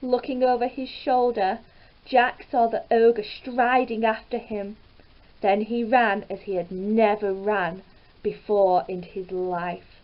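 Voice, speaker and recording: Slow-reading woman storyteller. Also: mid-range voice, fairly even intonation, dull audio. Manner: slow, careful read-aloud delivery. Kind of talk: storybook narration.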